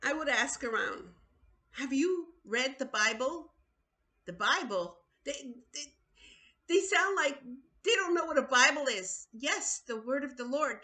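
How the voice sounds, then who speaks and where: Woman, video sermon, urgent pleading, slow delivery, bright tone. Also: sits high, animated. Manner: urgent, pleading, repeats words. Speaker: preacher.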